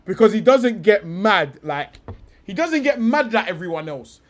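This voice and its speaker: A young man hosting a casual live stream, reacting to clips in excited, laughing bursts and swearing freely. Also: high voice, unhurried.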